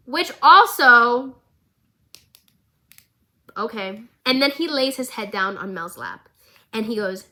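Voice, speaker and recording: Female vlogger, bright voice, excitable, recap commentary. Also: high-pitched. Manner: excitable and gushing, with quick asides.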